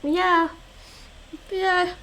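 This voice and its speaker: A woman's voice: very high voice, flat delivery, drawn-out words, pushed and bright, poor audio. A woman streaming her language study, reading lesson notes aloud and chatting with her viewers, laughing often. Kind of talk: casual live-stream chat.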